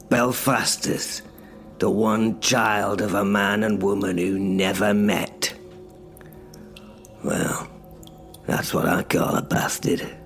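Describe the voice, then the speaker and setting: A man's voice: on the low side, vocal fry. A man narrating in first person as a bitter cursed sorcerer stuck in menial work, sardonic and sweary in an audio drama.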